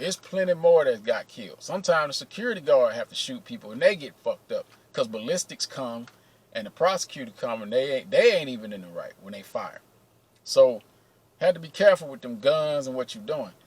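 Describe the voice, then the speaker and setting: Adult man vlogger, loose profane storytelling, fairly high-pitched, dry sound. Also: husky, no echo, low-quality recording. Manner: profane, animated, acts out quotes. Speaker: vlogger telling security stories. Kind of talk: casual storytelling.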